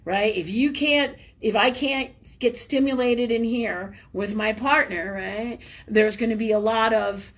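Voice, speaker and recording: A chatty woman talks candidly through a spiritual livestream, her voice husky and a little breathy. She drops curse words, checks in with "right?" and slips into laughter. The audio is dull and lo-fi, like a livestream mic. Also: on the high side, measured pace, few pauses. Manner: candid and chatty, swears freely, many "right?" tags; laughs often, acts out her own past words. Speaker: host of a spiritual live talk show. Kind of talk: casual spiritual talk.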